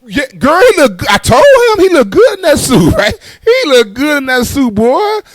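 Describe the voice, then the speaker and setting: An emphatic woman friend, as a male comic acts her out, chiming in loud and high. She agrees with full force. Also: very animated, moderate pace, dry recording.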